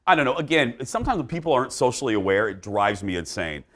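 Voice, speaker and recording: A man's voice: medium pitch, sing-song, quick pace, fairly bright tone, a little hiss or hum. A man hosting a talk show, telling a story in casual chat and acting out the dialogue.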